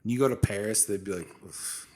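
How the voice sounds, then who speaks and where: A young man co-hosting a podcast, retelling history in animated, profane casual chat full of "dude.". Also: on the low side, very fast. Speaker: podcast co-host.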